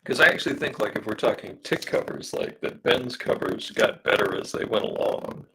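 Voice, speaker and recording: Hoarse, very raspy low-voiced man. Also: huge pitch swings, normal speed, sharp tone, low-quality recording. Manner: rambling, hesitant, many fillers, reads out viewer comments. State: losing his voice from smoke. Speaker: comic artist streaming a live drawing session. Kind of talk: casual live-stream chat while drawing.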